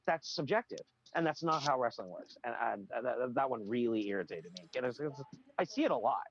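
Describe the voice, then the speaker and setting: A man's voice: mid-range voice, animated, fairly quick, lo-fi sound, a little hiss or hum. A man co-hosting a podcast in casual chat, ranting with strong opinions and frequent restarts. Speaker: podcast co-host.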